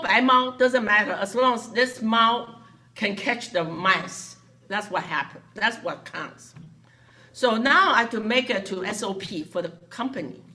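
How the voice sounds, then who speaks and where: A woman telling a story to a gathering, acting out the voices of the people she quotes. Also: fairly high pitch. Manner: animated, acts out quoted voices. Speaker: foundation director.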